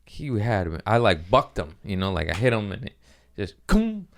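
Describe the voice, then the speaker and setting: A man hosting a comedy podcast, telling a story in a casual, profane, animated way and jumping into quick voices. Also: sits low.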